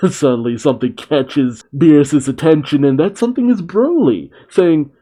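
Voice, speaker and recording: A man hosting a manga reaction, reading the story aloud and making relaxed, laughing asides. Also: on the high side, normal speed. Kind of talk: casual reading and commentary.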